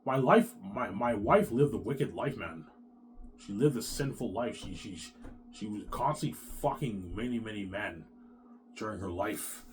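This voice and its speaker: A man's voice: fairly low pitch, expressive, unhurried, slight background noise. A man talking straight to his viewers in a long, rambling, profane monologue, repeating himself and restarting his sentences. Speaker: vlogger.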